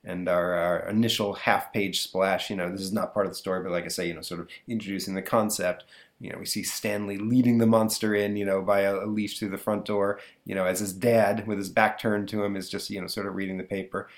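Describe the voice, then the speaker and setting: A man's voice: low-pitched, little pitch movement, brisk. A man hosting a podcast, chatting casually through an old comic book with lots of fillers. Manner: rambling, lots of fillers and restarts. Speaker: podcast host.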